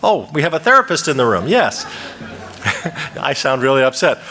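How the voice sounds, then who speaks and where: A man lecturing a live audience into a microphone in a conference hall, and his voice carries a long reverb. His tone is bright and forceful, with pitch that swings widely as he poses questions and acts out quoted lines. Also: big pitch swings, normal speed. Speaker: conference speaker.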